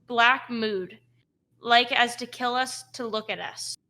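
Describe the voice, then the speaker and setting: A woman's voice: a little high, takes it slowly, pushed and bright, exaggerated voice. A woman reading out the lines of a second, sullen orc guard in a tabletop game, lightly acted. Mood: plain.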